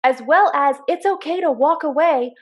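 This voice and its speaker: A woman in her thirties co-hosting a podcast, telling personal stories in an earnest, animated way. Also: high voice, moderate pace, muffled recording. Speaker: podcast co-host. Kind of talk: casual chat.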